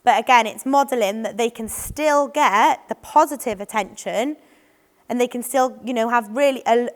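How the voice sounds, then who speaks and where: Brief: woman, fairly high voice, rambling trainer tone, long hall echo. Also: moderate pace. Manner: chatty, many ums and restarts, acts out what children and adults say. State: voice a bit off today. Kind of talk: informal training talk.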